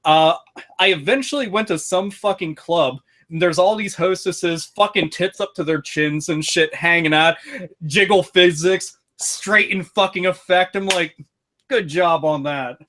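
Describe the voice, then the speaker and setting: A man with a notably high speaking voice, chatting casually on a podcast. He tells his stories with excitable energy and swears constantly. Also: unhurried. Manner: profane, excitable storytelling with frequent swearing. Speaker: podcast host reviewing a video game.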